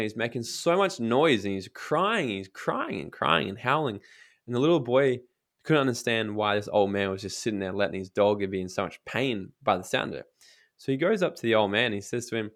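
Blunt, swearing motivational man. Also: fairly low pitch. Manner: energetic, blunt, swears freely; acts out inner voices in quotes. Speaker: motivational speaker and coach. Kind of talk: casual podcast interview.

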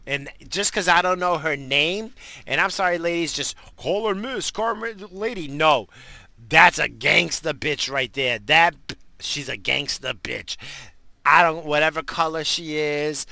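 A man who is high rambles through a profane, slang-heavy comic rant. His voice is gravelly with plenty of fry. The tone is hard-edged and very bright. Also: no room sound. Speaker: commentator.

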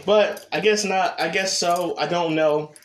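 A young man with a high voice chats alone on his podcast. He rambles, restarts his sentences and swears constantly in an easy, unscripted way. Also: measured pace. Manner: rambling, heavy cursing, restarts. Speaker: podcast host. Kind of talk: solo casual chat.

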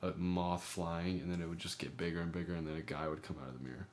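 A man's voice: low-pitched, fast, a little hiss or hum. A young man co-hosting a casual podcast, talking in a laid-back, slangy way with lots of fillers. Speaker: podcast co-host.

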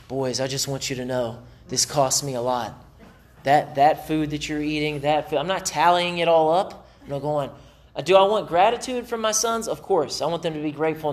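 Male pastor, middle-aged, relaxed talky sermon delivery, voice sits a touch high. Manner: conversational, animated preaching with acted asides.

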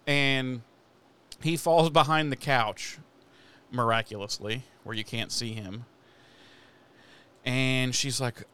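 Foul-mouthed joking man, smooth voice. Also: medium pitch, a bit bright. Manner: profane, joking storyteller; acts out characters' lines in quick voices. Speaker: podcast co-host recapping an episode. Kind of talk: casual chat.

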